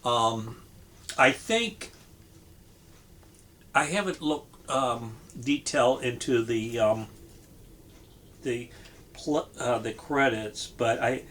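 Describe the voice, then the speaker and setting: A man talking through an album review in an unhurried, easygoing way. He pauses often, restarting his sentences and filling gaps with ums. His pitch sits in an ordinary middle range, and he sounds relaxed and appreciative. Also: slight background noise. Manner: hesitant, many ums and restarts. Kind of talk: casual spoken album review.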